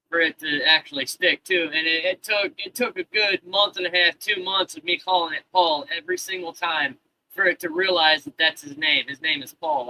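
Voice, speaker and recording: A man in his thirties hosts a live stream, talking loosely to chat and swearing constantly as he rambles, restarts and trails off. His slightly high voice is very bright and forceful, and the recording is low quality.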